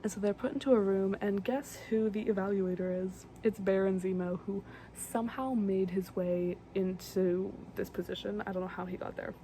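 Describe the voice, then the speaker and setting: A woman's voice: mid-range voice, steady tone, moderate pace, few pauses, dark tone, a little hiss or hum. A young woman casually recapping a film in a rambling, chatty way, full of fillers and asides. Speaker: vlogger recapping films.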